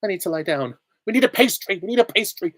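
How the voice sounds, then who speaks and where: A bubbly, preening young witch, voiced by a man in a high falsetto, with every line sung out in a high, drawn-out lilt. The voice is dry and close, with no room sound. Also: lively intonation, fairly bright tone, no echo. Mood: gushing. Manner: high, sing-song and drawn out.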